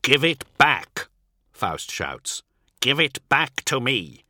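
A man's voice: rumbling low, steady tone, takes it slowly, bright, forceful tone, no room sound, voice pushed down, heavily acted. A man voicing a desperate, wounded man who hisses his demands and then screams at full voice. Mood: demanding.

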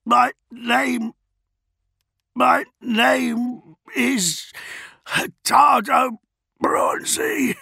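A man's voice: very high voice, expressive, drawn-out words, vocal fry, pauses often, breathy edge, dry recording, clean studio sound, voice pushed up, exaggerated voice. A man voicing a defiant wounded male captive who wheezes and raves, coughing blood. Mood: raving. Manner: raving, half-shouted.

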